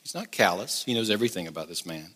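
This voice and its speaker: A middle-aged man with a drawl delivers a sermon, moving from pointed questions to easygoing humor. His pitch is animated and swings widely. The sound rings out in a large hall with long reverb. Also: fast, slightly rough. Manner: conversational, joking asides. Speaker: pastor.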